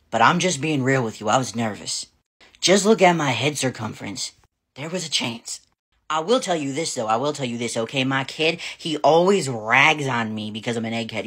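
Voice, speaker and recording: A woman's voice: rumbling low, a bit bright. A woman vlogger telling a personal story to camera in a frank, casual way, swearing freely and laughing often. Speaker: parent vlogger.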